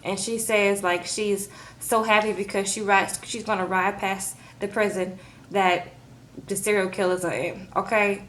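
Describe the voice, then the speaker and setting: A woman recapping a reality TV episode in a casual vlog, talking in an animated, sassy way, acting out quotes and tagging her lines with "okay?". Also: medium pitch, a little slow, slight background noise.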